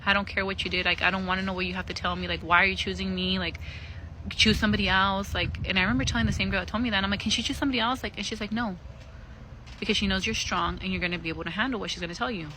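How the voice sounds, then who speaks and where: Speaking in rapid-fire bursts with a pushed, bright delivery, this young woman recounts a story in a chatty, profane way packed with "like" and "you know." Her medium-pitched voice stays fairly even in intonation. It's a casual storytime vlog on poor audio with slight background noise.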